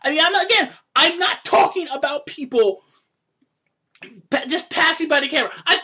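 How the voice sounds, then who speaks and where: A woman hosting a podcast, ranting in an animated, exasperated way with loud outbursts. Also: sits high, moderate pace. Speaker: podcast host. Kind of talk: casual podcast rant.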